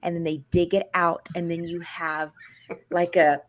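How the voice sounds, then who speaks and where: A woman's voice: lowish voice, level tone, unhurried. Supportive chatty woman co-host. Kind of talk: casual chat.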